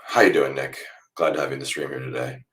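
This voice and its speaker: A man's voice: a bass voice, fast. A young man hosting a live football watchalong, chatting casually and calling the plays as he watches. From United States. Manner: chatty, reacts loudly to goals then explains calmly. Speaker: watchalong host.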